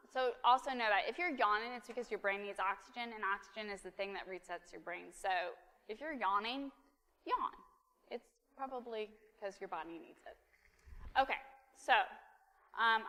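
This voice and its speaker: Chatty woman preaching in a reverberant church. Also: mid-range voice. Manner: informal, chatty, with many fillers; soft counting during breathing. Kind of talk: sermon with guided breathing exercise.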